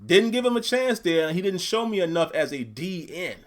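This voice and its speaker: A man's voice: high voice, sing-song, a little fast. A man hosting a call-in fan podcast, talking casually and chatting to his listeners. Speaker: podcast host.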